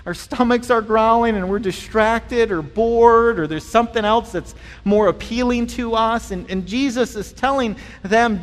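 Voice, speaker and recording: A man preaching a sermon in a conversational, animated way, often repeating words as he starts a phrase. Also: very high voice, a little slow, long reverb tail. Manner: conversational and animated, acting out voices in stories. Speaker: pastor.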